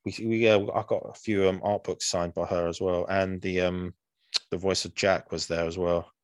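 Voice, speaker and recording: A man's voice: sits low, little pitch movement, normal speed, no echo. A man co-hosting a podcast in casual chat, rambling and hesitant, full of fillers and restarts. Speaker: podcast co-host.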